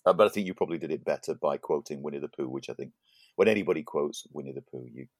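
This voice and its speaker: A man's voice: rumbling low, rapid-fire, darkish tone, dry recording, clean studio sound. A man co-hosting a podcast in casual chat, laughing often and tripping over his words. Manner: chatty, laughs often, stumbles and repeats words. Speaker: podcast co-host.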